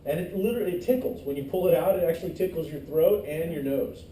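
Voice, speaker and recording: Joking high-voiced male teacher lecturing. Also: quick pace, dark tone, slight background noise. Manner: joking asides, quizzes the class. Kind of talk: classroom lecture. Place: classroom. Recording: echoey classroom from far off.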